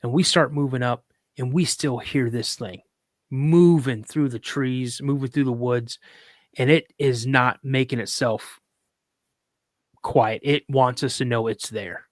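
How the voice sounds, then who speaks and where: A man's voice: medium pitch, fairly even intonation, unhurried, no room sound, studio quality. A man, a podcast guest, telling a story casually and animatedly, acting out quoted dialogue in a raised voice and at moments fighting back tears.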